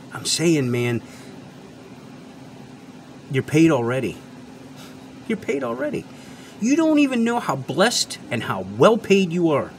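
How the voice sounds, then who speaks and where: Guy ranting on his channel, high voice jumping all over, repeats himself a lot, swears, bit of ac hum. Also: fairly bright tone. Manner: emphatic, repetitive, lecturing, swears freely. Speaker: channel host and product reviewer. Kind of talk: unscripted ranting monologue.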